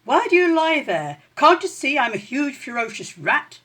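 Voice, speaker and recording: A woman's voice: high-pitched, very animated, normal speed, fairly bright tone, voice pushed up. A woman doing a blustering, boastful rat. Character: boastful hungry male rat, self-important.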